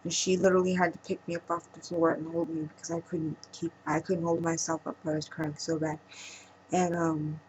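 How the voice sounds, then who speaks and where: A woman speaking in a personal vlog monologue, halting and emotional, trailing off with pauses. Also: sits low, flat delivery, a little mellow, slight background noise, low-quality recording. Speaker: vlogger.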